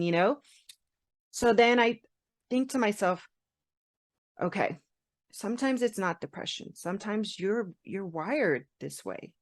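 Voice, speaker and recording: A woman's voice: medium pitch, animated, measured pace, no room sound, clean studio sound. A woman speaking as a podcast guest in casual chat, reflective and given to metaphors.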